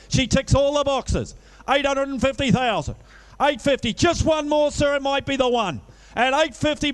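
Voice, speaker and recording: A man working as an auctioneer, calling a live sale with a rapid-fire bid chant broken by coaxing sales patter. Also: extremely high pitch, fairly bright tone, clear, resonant tone.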